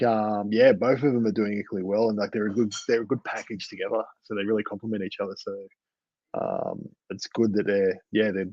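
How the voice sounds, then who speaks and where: A man's voice: fairly low pitch, dry recording, dull audio. A man co-hosting a wrestling review podcast in casual chat, rambling with many fillers and restarts. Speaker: podcast co-host.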